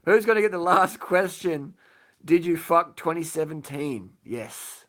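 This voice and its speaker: A man with a slightly raised pitch answers questions on a live stream from his bed. He talks bluntly and casually, swears without a second thought and says his points twice. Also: animated, measured pace, fairly bright tone. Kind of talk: casual late-night live stream chat. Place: lying in bed at home.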